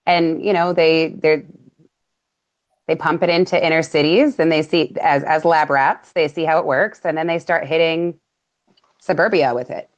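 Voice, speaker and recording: A low-pitched woman in casual chat, leaning hard on her points and circling back to the same phrases. The sound is dull and lo-fi, missing some brightness. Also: fairly even intonation, normal speed. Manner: emphatic, repeats herself, trails off mid-sentence. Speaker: podcast co-host. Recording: dull lo-fi audio.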